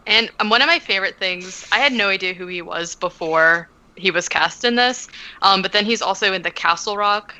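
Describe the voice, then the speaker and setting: Woman, podcast guest, chatty storytelling, bright and smooth voice. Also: medium pitch, moderate pace, rough recording. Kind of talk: casual chat.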